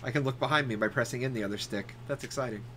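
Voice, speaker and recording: A man's voice: medium pitch, racing, fairly bright tone, a little hiss or hum. A man chatting casually with a friend while playing a game online, joking and laughing often. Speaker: gamer streamer. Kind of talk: casual chat while gaming.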